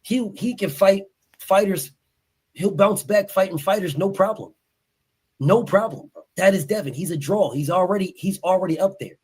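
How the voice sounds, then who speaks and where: A man's voice: high voice, normal speed, darkish tone, slightly rough. A man talking casually about a boxing fight, emphatic and repeating himself, heard in a played-back clip.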